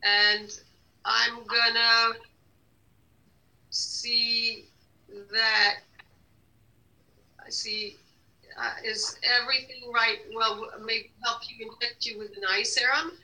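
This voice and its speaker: A woman leading a guided energy healing session, giving slow repeated commands to an unseen device with many hesitations. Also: fairly high pitch, flat delivery, pushed and bright, low-quality recording.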